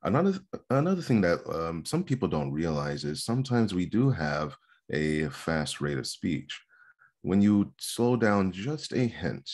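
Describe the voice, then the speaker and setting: A male speech instructor giving an earnest seminar lecture on vocal delivery, stressing points by repeating words. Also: a bass voice. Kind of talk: seminar lecture on public speaking.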